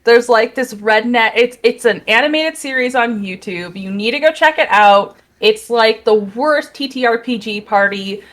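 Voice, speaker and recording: A woman hosting a casual chat, enthusiastic and quick to laugh. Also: a little high, fairly bright tone. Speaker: host.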